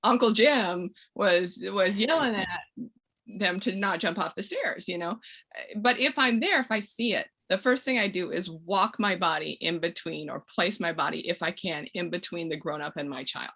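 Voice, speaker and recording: Woman, parenting educator, conversational webinar, animated storyteller. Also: on the low side, normal speed, husky. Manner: lively, acts out little scenes with voices.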